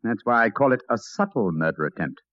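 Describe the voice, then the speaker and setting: Incisive, fast-talking detective, animated delivery, dull old broadcast. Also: male voice, lowish voice, no room sound. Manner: clipped and precise. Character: brisk, incisive detective Sherlock Holmes, man. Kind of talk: 1940s radio acting.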